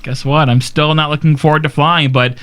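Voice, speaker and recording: Wry male podcast panelist, smooth voice. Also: a little high, steady tone, a little fast, fairly bright tone. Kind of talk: casual gaming podcast chat.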